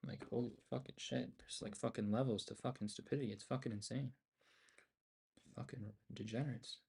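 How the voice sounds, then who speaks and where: A man's voice: mid-range voice, steady tone, fairly quick, creaky, darkish tone, slightly rough. Profane ranting man streaming trades. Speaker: livestream options trader. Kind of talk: profane ranting commentary on a trading livestream.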